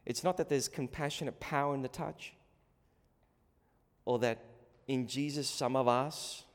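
Preacher in a hall, hushed to fervent. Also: male voice, medium pitch, fairly even intonation, unhurried. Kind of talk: sermon.

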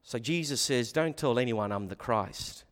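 A man's voice: medium pitch, normal speed, a bit bright. A man preaching an expository sermon with an emphatic delivery that rises and falls and repeats words as he works through scripture. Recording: long reverb of a hall.

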